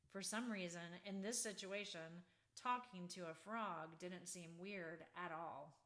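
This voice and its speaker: A woman author reading her children's book aloud in an expressive, unhurried storybook manner. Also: lowish voice.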